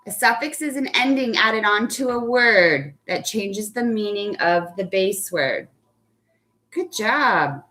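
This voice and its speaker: Young woman teacher, slow and patient, warm praise for each child, sounding words out for early readers. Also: mid-range voice, lively intonation. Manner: slow and deliberate when spelling out words. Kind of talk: live online phonics lesson.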